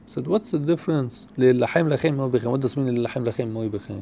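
Fast-talking man teaching Torah. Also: mid-range voice, gravelly, warm tone. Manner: quick, repeats himself and restarts, chanting Hebrew verses fast. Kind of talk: Torah class on the weekly portion.

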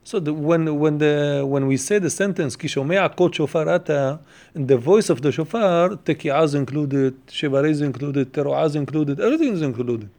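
A man teaching a Torah lesson, asking questions and answering them step by step, repeating phrases and quoting Hebrew passages quickly. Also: on the high side, darkish tone.

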